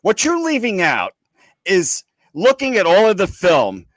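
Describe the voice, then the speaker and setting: A man's voice: high voice, huge pitch swings, measured pace, low-quality recording. An American man co-hosting a podcast, wry and trying to get a word in. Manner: tries to cut in, wry, laughs along. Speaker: podcast co-host. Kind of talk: casual podcast chat.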